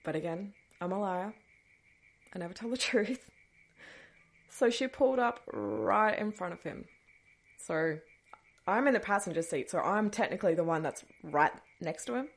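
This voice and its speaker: A woman's voice: medium pitch, expressive, moderate pace, long pauses. A woman hosting a podcast, telling a personal story in a casual, chatty way, breaking into nervous laughs and trailing off with dismissive asides. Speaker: podcast host.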